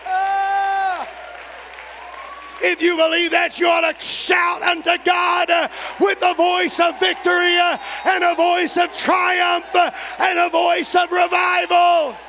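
A man preaching a revival sermon as a visiting preacher in a church service. He shouts fervently and puts an "uh" before most phrases. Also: very high voice, little pitch movement, takes it slowly, some chatter behind, slight background noise.

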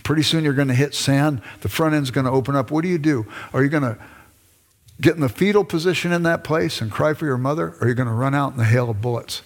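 Speaking fast at a medium pitch, an older male lecturer who once served as a pastor talks casually to a class. He stops now and then to perform little dialogues between himself and his wife. The sound carries a long reverb from the hall.

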